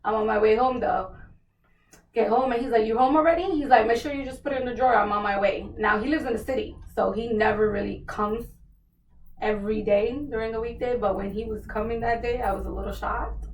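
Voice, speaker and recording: A young woman from New Jersey tells her own story in casual chat, a little higher in pitch than most women. She acts out both sides of each conversation with lively quoted voices. She sounds set back from the mic in a roomy space, with faint noise underneath. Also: fairly quick, distant mic. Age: young adult. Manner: animated, acts out quoted dialogue. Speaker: podcast guest.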